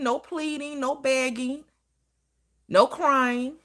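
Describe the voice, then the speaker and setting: A woman with a mid-range, animated voice, fairly bright and at normal speed, preaches about manifesting as a motivational teacher. Her delivery is emphatic and repetitive, punctuated by quotes she acts out.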